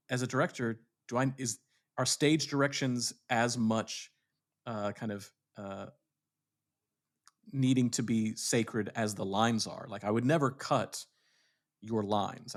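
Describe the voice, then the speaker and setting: A man co-hosting a casual podcast, a theatre director who talks in a reflective way and often restarts his sentences while looking for words. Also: on the low side. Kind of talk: casual chat.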